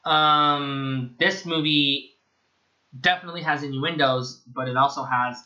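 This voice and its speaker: A man talks through a film review in a loose, rambling way, sarcastic and quick to swear. His voice is bright and forceful. The recording sounds dull and lo-fi. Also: mid-range voice, steady tone. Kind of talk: casual spoken review.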